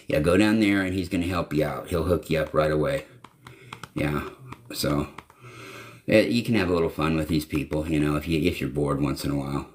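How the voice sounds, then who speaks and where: A man hosting his own channel, talking casually on a live stream, telling rambling, profane stories and acting out quoted lines. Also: low-pitched. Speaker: channel host.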